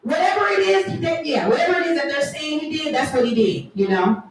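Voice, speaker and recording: A woman's voice: sits high, expressive, brisk, music in the background. A woman in her thirties doing a playful stand-up comedy set with teasing crowd work at a live event. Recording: echoey room, from far off.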